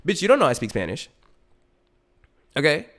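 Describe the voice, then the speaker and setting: Profane, animated male podcast host. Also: on the high side, normal speed. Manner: profane, animated, frequent restarts and asides. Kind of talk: casual storytelling rant.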